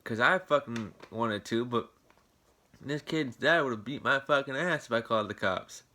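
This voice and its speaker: A young man with a bright, forceful voice tells a storytime tale straight to his viewers. He rambles, swears freely and sounds indignant, circling back over the same points. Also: mid-range voice, normal speed. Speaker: vlogger. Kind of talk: casual storytime rant.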